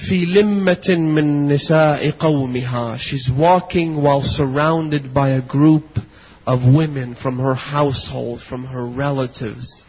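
A man preaching a sermon, telling a story with rising passion and crying shouts. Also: medium pitch, steady tone, a little slow, breathy edge. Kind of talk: impassioned religious sermon. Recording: dull lo-fi recording.

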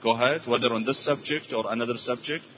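A man's voice: mid-range voice, fast, fairly bright tone, big-room sound, lo-fi sound, a little hiss or hum. A man giving a religious lecture and taking questions, telling stories earnestly and using Arabic phrases.

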